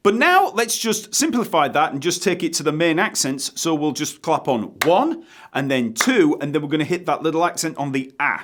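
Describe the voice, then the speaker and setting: Man counting beats in a bass lesson. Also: background noise. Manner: counts beats aloud slowly and rhythmically; relaxed, explanatory, with fillers. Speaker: bass teacher. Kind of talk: online music lesson. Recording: bass guitar playing behind the voice.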